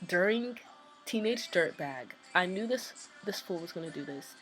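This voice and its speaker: A woman vlogger casually telling a story, chatty and excited, with lots of "like" and "um" fillers. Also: lowish voice, normal speed, faint music behind, low-quality recording.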